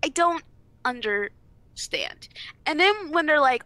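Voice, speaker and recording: Animated ranting young woman. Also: high-pitched, slow, no echo. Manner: animated ranting, swearing freely. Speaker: podcast co-host. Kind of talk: casual podcast chat.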